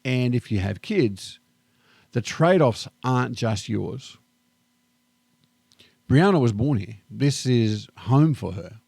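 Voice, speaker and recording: Reflective Australian man, low gravelly voice. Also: dry recording, clean studio sound. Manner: calm, unhurried and thoughtful. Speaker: vlogger. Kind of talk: reflective personal monologue.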